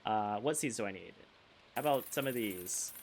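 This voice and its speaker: While gaming on a live stream, a young man with a lowish, expressive voice chats at a normal speed. He wanders in his talk, frequently laughs and restarts sentences, and game music plays amid slight background noise.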